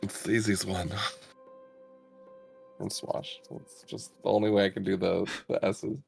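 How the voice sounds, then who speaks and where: A man at a tabletop game jokes around in a laid-back way. His voice is very deep and heavily gravelly, slow and flat, with faint music behind. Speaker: player. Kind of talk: casual chat at a tabletop game.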